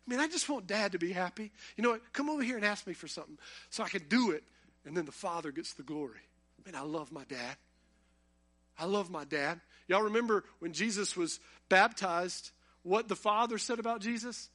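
A man preaches a sermon in a high, bright, forceful voice that is expressive and brisk. He addresses the congregation conversationally, building to impassioned emphasis.

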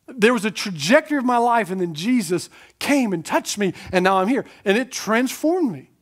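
A man's voice: high-pitched, big pitch swings, normal speed. A male pastor preaching with conviction, driving his points home through repeated phrases and rhetorical questions. He breaks into casual, chatty asides to the listeners between the bigger statements. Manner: conversational asides to the congregation. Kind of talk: sermon.

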